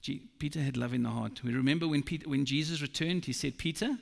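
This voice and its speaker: A man preaches a sermon in a slow, emphatic way, with a gravelly edge to his voice. His words ring out with the long reverb of a large hall. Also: mid-range voice.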